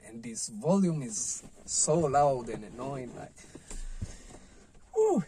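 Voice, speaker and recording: A man's voice: fairly high pitch, big pitch swings, slow, mellow, breathy edge. A man telling a personal surfing story in a loose, rambling vlog style, full of "like" and "you know". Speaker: surfing vlogger.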